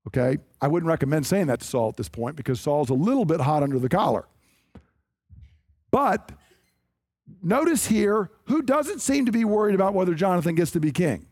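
A man preaching a sermon, emphatic and conversational, acting out quick asides. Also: high-pitched, big pitch swings, darkish tone, no room sound, clean studio sound.

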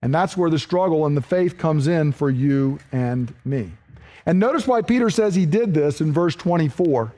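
A man preaching a sermon, earnest and questioning, moving between emphatic points and hushed, slowed lines. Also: fairly high pitch, expressive. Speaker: pastor.

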